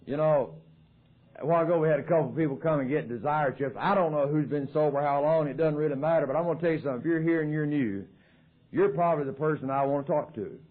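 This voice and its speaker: A man's voice: a little high, fast. A man with a Southern American accent telling his recovery story at a meeting in a folksy, joking way. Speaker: AA speaker. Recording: tinny lo-fi 1990s tape.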